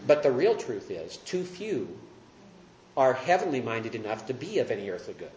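A man's voice: mid-range voice, big pitch swings, normal speed, a little mellow, highs cut off, a little hiss or hum. Earnest male Bible teacher, roomy echo. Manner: earnest, emphatic, poses questions to the class. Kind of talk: Bible teaching with class discussion.

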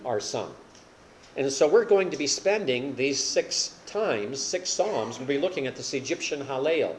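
A man's voice: medium pitch, darkish tone, slight background noise. An older man preaching a sermon as a pastor, explaining with rhetorical questions and folksy self-deprecating humor.

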